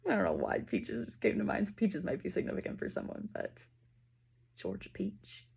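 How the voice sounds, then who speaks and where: Gravelly husky woman giving a reading. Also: mid-range voice, huge pitch swings. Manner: loose and chatty, with fillers and casual swearing; slows down and softens into near-whispers. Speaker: intuitive reader. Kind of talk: casual spiritual reading with guided breathing.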